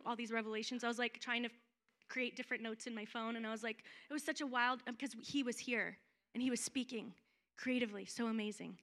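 A young woman delivers a sermon with a bright, ringing tone that sits a little high. She preaches casually and with energy, often slipping into acted-out voices for the people in her stories. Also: quick pace. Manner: animated, conversational preaching with acted-out quotes.

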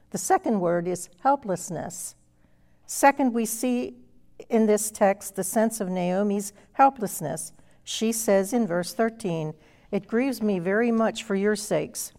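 A woman's voice: mid-range voice, gravelly, darkish tone. A woman preaching a sermon, earnest and emphatic, reading scripture aloud and explaining it to a congregation.

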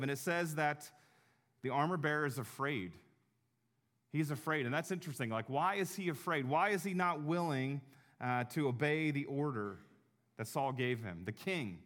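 A pastor preaching a sermon in an earnest way, slowing down to stress key words. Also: male voice, fairly high pitch, fairly bright tone. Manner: earnest, slows down for emphasis.

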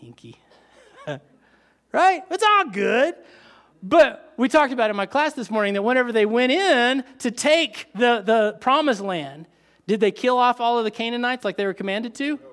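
Male preacher, high-pitched, animated conversational sermon delivery. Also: unhurried. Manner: animated, conversational with asides and laughs.

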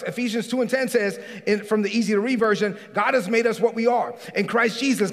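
High-pitched, gravelly preaching man. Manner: emphatic preaching, often shouting; calls out congregants by name. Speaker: pastor. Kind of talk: sermon. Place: church sanctuary. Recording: reverberant hall.

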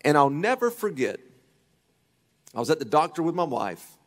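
A man preaching a sermon as pastor, telling a story and acting out the voices in it, swinging from loud to hushed. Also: on the high side, very animated, moderate pace, in a large hall. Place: church sanctuary.

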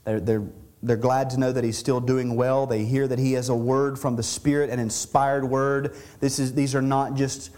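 A middle-aged pastor preaches an expository sermon in a medium-pitched, slightly mellow voice that stays fairly flat in pitch. He moves at a moderate pace, earnest and conversational, frequently restarting and repeating words while explaining a passage.

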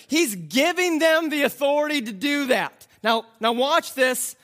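A man preaching a sermon, reading scripture and explaining it in a slow, dramatic way that builds to emphatic outbursts. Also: very high-pitched, animated, fairly bright tone. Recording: long hall reverb.

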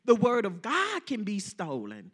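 A woman preaching a sermon, calling out to the congregation and repeating lines for emphasis, swinging from loud to soft. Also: medium pitch, huge pitch swings, measured pace, slightly rough.

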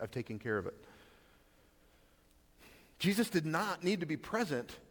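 A pastor giving a conversational sermon, asking the listeners questions and restarting his sentences. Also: fairly high pitch. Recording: long reverb of a hall.

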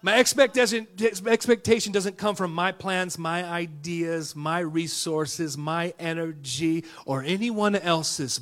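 High-pitched guy preaching, goes from yelling to whispering, acts out little stories. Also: slow, few pauses. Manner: dynamic, swings from loud shouts to hushed whispers; tells jokes and acts out characters in stories. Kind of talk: sermon.

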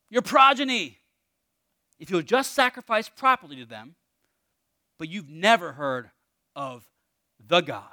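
Bright-toned guy preaching, chatty and energetic, hushed bits for emphasis. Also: high-pitched, no room sound, clean studio sound. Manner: energetic, conversational with emphatic drops to near-whisper. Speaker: pastor. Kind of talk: sermon.

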